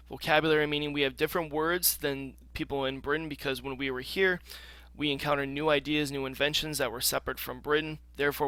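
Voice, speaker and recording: A man teaching a recorded geography lecture in a casual, explaining way, with frequent ums and throat clearing. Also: a little high, bright, forceful tone, dry recording.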